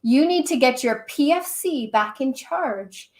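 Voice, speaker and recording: A woman voicing a gentle, caring woman who calmly explains things to a young girl in a story. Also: high voice, a little slow.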